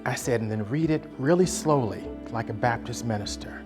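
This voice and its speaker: A man in his fifties, telling a family story in a casual, animated way and acting out the voices of the people in it. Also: medium pitch, fairly quick, over music.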